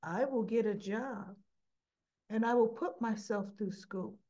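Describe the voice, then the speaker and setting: A woman quoting a quietly resolute young man in a hospital bed, on a muffled recording. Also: medium pitch, unhurried, lightly acted.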